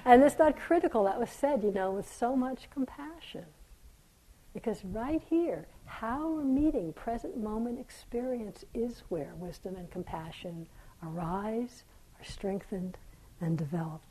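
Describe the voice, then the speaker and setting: A woman meditation teacher giving a gentle, reflective dharma talk, her voice sometimes falling to a soft near-whisper. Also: on the high side, animated, unhurried, slightly rough, low-quality recording. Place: meditation hall.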